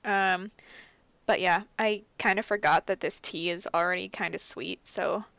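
A woman's voice: lowish voice, fairly even intonation, moderate pace, gravelly, a bit bright, no room sound. A young adult woman co-hosting a casual book podcast, laid-back and giggly, with plenty of fillers. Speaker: podcast co-host.

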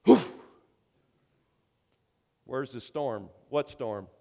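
A man preaching a sermon, his voice rising from near-whispers to loud, ringing emphasis and back again. He is a minister who keeps turning to his congregation with questions, delivered in a mid-pitched voice. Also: normal speed, big-room sound. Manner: dynamic preaching, swinging from hushed to loud and emphatic.

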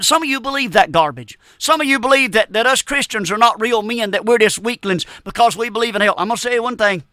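A preacher in his fifties delivers a fervent radio sermon, hammering his points again and again. His voice sits high and rings bright. The recording is dry and close, with no room sound. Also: brisk, no room sound. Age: 50s. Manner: emphatic and repetitive, addressing listeners as friend.

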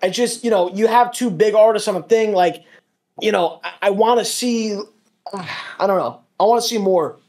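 A man's voice: high voice, normal speed, a little mellow. A man as a guest in a casual chat over a call, laid-back and teasing, full of dude and bro.

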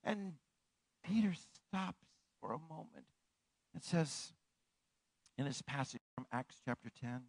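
Animated man preaching with a lively voice. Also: fairly high pitch, slow, long pauses, slightly rough, dry recording, rough recording. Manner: animated, swings from hushed to ringing declarations. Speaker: pastor. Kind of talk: sermon.

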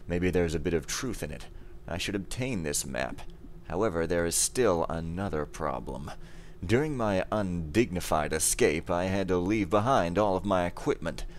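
An actor playing a weary, dry-witted master thief, narrating a game cutscene in a measured, sardonic first-person tone. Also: male voice, deep voice, expressive, a little hiss or hum.

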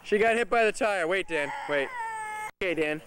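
A man's voice: high voice, normal speed, background noise. A man filming a home movie outdoors in a suburban backyard, narrating casually and directing and cheering the children as they play. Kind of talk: casual narration behind the camera. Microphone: camcorder's built-in mic. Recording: camcorder audio with party chatter. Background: chatter of a backyard party crowd.

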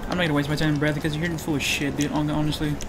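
Brief: young male streamer, high and rapid, taunting and foul-mouthed, heard over a noisy mic. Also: little pitch movement. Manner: taunting, swearing trash talk. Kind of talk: heated gaming voice chat.

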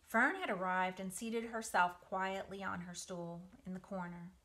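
Bright, expressive woman reading a storybook. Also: mid-range voice, a little slow. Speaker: book club reader. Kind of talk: reading a children's novel aloud.

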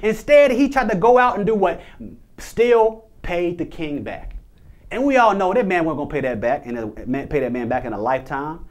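A man's voice: high voice, expressive, normal speed. A young man preaching a sermon as a minister, conversational, with frequent restarts and asides.

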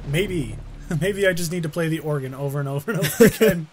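A man co-hosting a let's play, excitable and rambling, reading game text aloud with drama. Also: on the high side, noisy background. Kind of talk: casual gameplay commentary.

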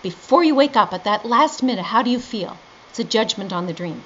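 A middle-aged woman teaching dream interpretation in a lively lecture, acting out both sides of a conversation. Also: on the high side, fairly quick. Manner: animated storytelling, quoting both sides of a conversation. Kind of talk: lively lecture with acted-out dialogue. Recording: dull lo-fi lecture recording with faint noise.

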